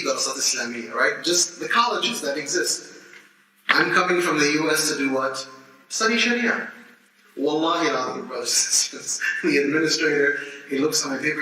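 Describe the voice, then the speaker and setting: A man in his thirties gives an animated lecture to students, often laughing and restarting his sentences. His voice is bright and slightly high. He is recorded from a distance in a large echoey hall. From United States. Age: 30s. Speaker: teacher. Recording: echoey hall, distant mic, faint noise.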